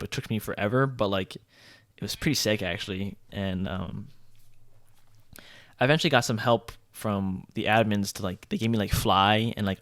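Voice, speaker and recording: A man's voice: on the low side, fairly bright tone, no room sound. A young man telling a casual gaming story in a rambling, joking way, full of filler words. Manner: laid-back and joking. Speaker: gaming vlogger.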